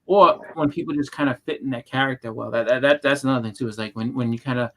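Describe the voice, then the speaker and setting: A man's voice: mid-range voice, fast. A man hosting a casual chat, rambling with restarts and fillers, acting out the people in his stories. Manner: acts out quoted voices when telling stories. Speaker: host.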